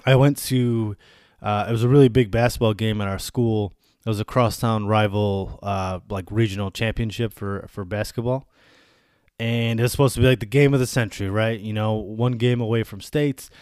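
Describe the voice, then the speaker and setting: A man in his thirties hosting a podcast, telling a story as a casual rant, animated and swearing, acting out little quoted asides. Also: lowish voice, moderate pace, clean tone, no room sound, studio quality. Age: 30s. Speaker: podcast host.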